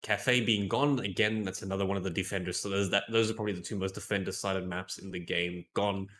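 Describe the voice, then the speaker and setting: A man with a fairly low voice calls a live esports match in a chatty, playful way. He sounds a little tired and often restarts his phrases as he goes. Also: steady tone, fast talker, fairly bright tone. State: tired, yawning. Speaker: esports caster.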